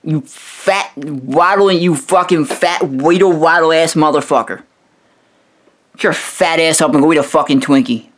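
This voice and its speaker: A man on a profane, aggressive rant, voice sitting a little high for a man. He swears constantly and trips over his own words, repeating the start of a phrase several times before pushing on. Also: a little slow. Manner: aggressive, swearing, repetitive stammering restarts. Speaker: video host roasting another creator.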